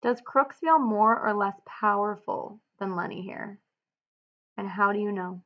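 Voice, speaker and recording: Teacher woman explaining a read-aloud. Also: medium pitch. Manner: clear, measured explaining, asks questions. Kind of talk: read-aloud with guided commentary. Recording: dull lo-fi recording.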